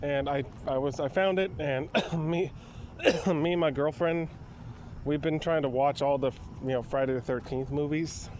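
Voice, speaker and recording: A man's voice: fairly high pitch, measured pace, a little mellow, slight background noise. A man giving a casual, rambling movie review full of restarts and asides.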